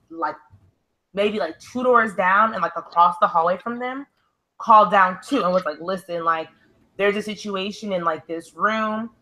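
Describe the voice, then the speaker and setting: A woman's voice: on the low side, bright, forceful tone, rough recording. A young woman co-hosting a casual chat show, telling a long story and saying "like" constantly. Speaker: co-host.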